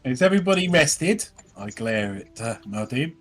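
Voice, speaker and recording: A man's voice: mid-range voice, very animated, moderate pace, a bit bright, slightly rough, soft background music. A man playing a tabletop game, hesitant and thinking aloud with ums. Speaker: player.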